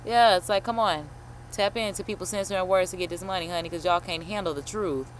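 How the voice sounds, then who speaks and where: A woman host chatting casually while reacting to a video, animated and slangy, swearing and calling listeners honey. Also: fairly low pitch, quick pace, slight background noise. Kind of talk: casual chat.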